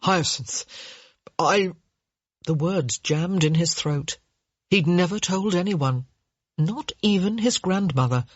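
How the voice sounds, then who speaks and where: A woman narrates an audiobook at a measured, steady pace. Her voice is lowish and slightly husky. The recording is dull and dry, with no room sound. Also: no echo.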